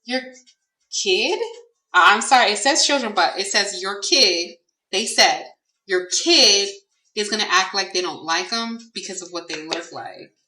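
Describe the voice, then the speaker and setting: A woman's voice: medium pitch, a little slow, sharp tone. A woman giving a casual card reading, musing and hesitant, speaking aloud to Spirit with many fillers. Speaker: tarot and oracle card reader. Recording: echoey room, distant mic, faint noise.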